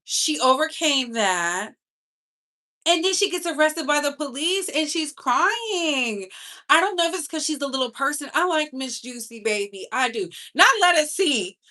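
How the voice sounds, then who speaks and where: Sassy, bright-voiced woman gossip host. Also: high-pitched, lively intonation. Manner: chatty, sassy, speeds up and slows down for emphasis. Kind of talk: casual live-stream chat.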